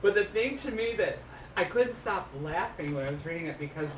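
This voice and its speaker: A man's voice: high voice, expressive, a little fast. A man hosting a podcast, joking casually and hesitantly with a guest. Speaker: podcast host. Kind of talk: casual comedic chat. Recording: echoey room, distant mic, faint noise.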